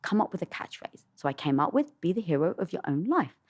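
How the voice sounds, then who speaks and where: A woman guest on a podcast with a squeaky voice, telling her story in animated fashion and acting out her inner voice. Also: fast talker. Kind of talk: casual podcast conversation.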